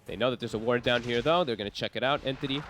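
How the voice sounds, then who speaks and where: A man with a North American accent casting a live esports match, with quick play-by-play and reactions. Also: medium pitch, a bit bright, a little hiss or hum. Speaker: esports caster.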